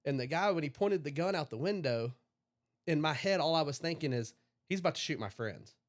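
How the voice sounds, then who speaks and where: A man's voice: fairly high pitch, animated, brisk. Profane, rambling storyteller man. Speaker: podcast co-host. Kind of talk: casual chat.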